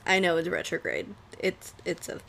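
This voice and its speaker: Rambling, swearing young woman, gravelly edge. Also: on the low side, very animated, normal speed, a bit bright. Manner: chatty, rambling, laughs often, swears freely. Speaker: podcast host. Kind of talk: casual solo podcast chat. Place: home room with air conditioner.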